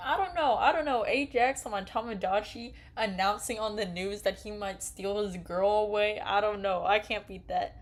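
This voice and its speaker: A woman streamer chats casually as she plays through a story game, giggling often and letting sentences trail off. Her voice sits at an ordinary mid pitch. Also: moderate pace, hardly any pauses.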